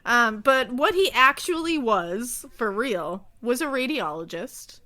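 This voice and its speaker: A woman's voice: fairly high pitch, lively intonation, slow pace, sharp tone. A woman casually telling a story on a podcast, chatty and full of asides. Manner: chatty, lots of fillers and asides.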